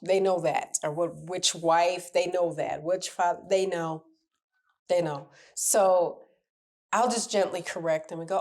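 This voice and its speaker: A middle-aged woman coach talking candidly to camera, animated and laughing as she acts out what people say to her. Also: fairly low pitch, measured pace. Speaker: relationship coach. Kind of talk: casual advice talk to camera.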